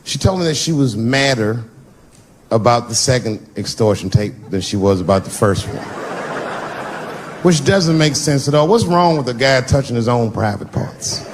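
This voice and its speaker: Animated male stand-up storyteller, big swings from shouts to mutters, recorded live with background noise. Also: normal speed. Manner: animated, shifting between shouts and low mutters. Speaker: stand-up comedian. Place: stage before a live audience.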